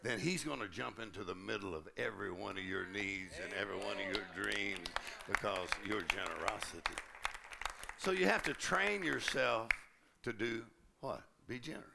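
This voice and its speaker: A male pastor preaching a sermon to a conference congregation, lively and humorous, acting out little quoted exchanges. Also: on the low side, gravelly, a little hiss or hum. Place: church conference.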